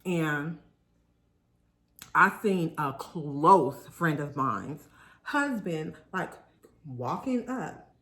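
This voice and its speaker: Brief: young adult woman, mukbang vlogger, lower voice, animated and chatty, says y'all to the audience. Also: drawn-out words, pauses often. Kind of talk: casual storytelling while eating.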